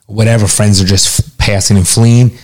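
A man's voice: on the low side, moderate pace. Profane, chatty middle-aged man. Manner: profane, animated storyteller. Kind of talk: casual chat.

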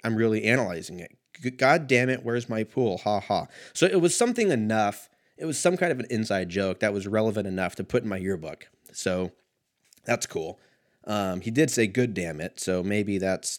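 A man in his thirties talking casually on his own, rambling and mocking himself, swearing and laughing often. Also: lowish voice. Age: 30s. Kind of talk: casual solo monologue.

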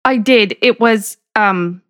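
Woman, mid pitch, casual podcast co-host, relaxed, short agreements. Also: takes it slowly, smooth. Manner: relaxed, chimes in with short agreements and looked-up details. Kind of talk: casual chat.

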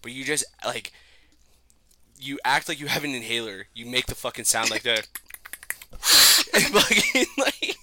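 Young male podcast host, very bright voice, loose profane banter, laughs a lot. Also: medium pitch, sing-song, measured pace, long pauses. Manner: profane, rambling, laughs often. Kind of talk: casual chat.

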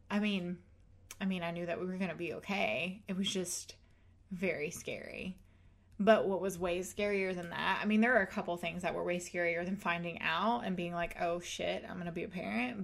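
A woman's voice: fairly low pitch, creaky. A woman in her twenties, a podcast host, telling a story in casual chat, laughing often and acting out quotes. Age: 20s.

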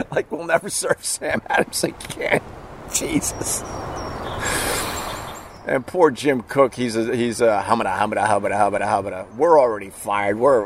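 A man's voice: lowish voice, a little hiss or hum. A middle-aged man hosting a show, telling a rambling story in a casual, profane way and chuckling as he goes. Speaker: podcast host.

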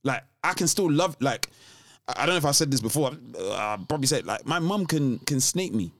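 A man co-hosting a podcast in casual chat, animated, often restarting his sentences. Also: mid-range voice, brisk, slight background noise. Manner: animated, restarts often, laughs between points. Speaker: podcast co-host.

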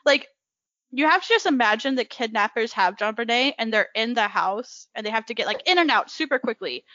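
A young woman co-hosting a podcast in casual chat, chatty and quick to agree. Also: a little high, animated, sharp tone, dry recording. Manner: chatty, frequent agreeing "yep". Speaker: podcast co-host. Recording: dull lo-fi, dry sound.

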